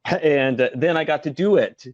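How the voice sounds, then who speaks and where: A middle-aged man reminisces as an interview guest, chatty and quick to laugh, with plenty of fillers. His voice sits a little high and sounds dry and close. The call audio is dull and lo-fi. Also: dry recording. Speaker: interview guest, former musical performer. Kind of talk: casual video-call interview.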